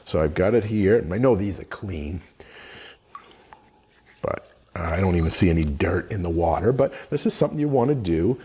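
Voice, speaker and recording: A man's voice: sits low, expressive, moderate pace, long pauses, dark tone, husky. A middle-aged man giving a cooking demonstration lesson, explaining each step as he works with his hands. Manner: explanatory, talks through each step while working. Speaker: culinary instructor.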